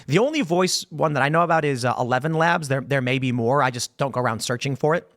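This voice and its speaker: A man's voice: mid-range voice, expressive, fast, a bit bright. A man hosting a show, giving casual, opinionated commentary with lots of rhetorical questions. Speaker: show host.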